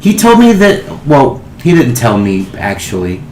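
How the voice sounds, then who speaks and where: A man's voice: medium pitch, unhurried. Man doing a chatty nine-year-old noble kid, rambly and eager; roomy recording. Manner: excited, rambling, stumbles over words. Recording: echoey room, faint hiss.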